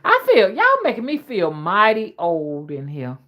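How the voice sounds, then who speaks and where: A woman's voice: medium pitch, huge pitch swings, a little slow, dull audio. A woman from Alabama with an old-fashioned Southern accent, chatting casually on a livestream and reading viewers' comments in a folksy way. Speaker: livestream host.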